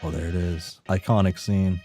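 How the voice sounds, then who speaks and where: A man's voice: deep voice, steady tone, moderate pace, warm tone, soft background music. A man reading a webcomic aloud on a stream, musing and swearing freely as he reacts.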